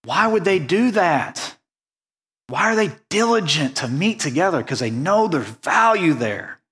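A man from the United States preaching a sermon, earnest and conversational, slowing down to stress key points. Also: on the high side, big pitch swings, a bit bright. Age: adult, went on a mission trip after high school. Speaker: pastor.

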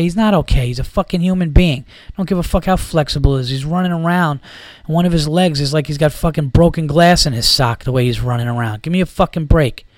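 A podcast host with a voice on the high side goes on a heated, profane, rambling rant about football. It's a casual sports rant with no echo on the recording.

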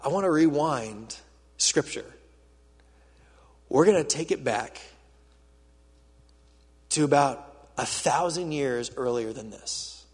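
A male pastor preaching a sermon, telling the story dramatically and swinging from loud, urgent passages to hushed ones. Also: mid-range voice, breathy edge. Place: church auditorium with a screen. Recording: reverberant hall.

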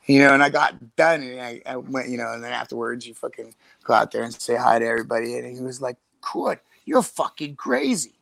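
A gravelly-voiced man in his fifties rambles through profane stories from his past, voice dry and close to the mic. His pitch sits in an ordinary middle range. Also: level tone, fast, fairly bright tone, no room sound. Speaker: guest. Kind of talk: casual chat.

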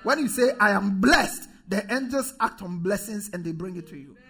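A man's voice: high-pitched, animated, fairly quick, faint music behind. A male pastor preaching a sermon, emphatic, repeating key phrases and calling on the congregation to respond.

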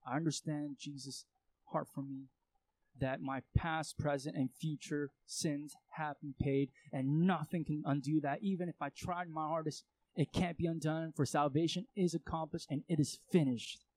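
A male pastor delivers a sermon in a warm, mellow voice with a slightly husky edge. He speaks earnestly and slips into voicing prayers and outbursts to drive his points home. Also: a little high, steady tone, moderate pace, no room sound, poor audio. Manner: earnest, acts out prayers and reactions with rising intensity.

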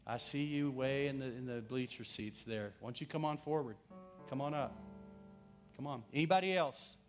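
A man's voice: medium pitch, normal speed, soft background music. Earnest male pastor leading an altar call. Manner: earnest, pleading repetition. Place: large church with bleachers.

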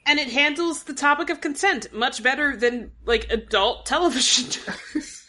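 A woman hosting a casual podcast chat, talking in animated bursts with laughs and quick asides. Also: high voice. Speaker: podcast host.

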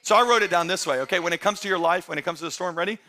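Male pastor, high-pitched and bright, animated sermon delivery. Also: very fast. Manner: energetic, conversational preaching, swings from loud shouts to quiet asides.

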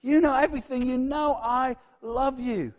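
A man's voice: very high-pitched, steady tone, moderate pace, in a large hall, pitched above the performer's own voice. A preacher acting out a remorseful apostle confessing his failures, pleading and repeating himself. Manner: pleading, breaking, repetitive confession.

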